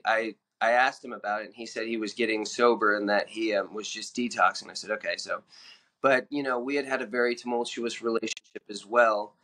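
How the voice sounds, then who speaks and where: A man in the middle of his pitch range tells his own story on a podcast, with a bright, forward tone. He talks in a frank, plain-spoken way and stops to restart his sentences. The delivery stays candid and unpolished. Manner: frank, plain-spoken, many fillers and self-corrections. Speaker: podcast guest sharing recovery story.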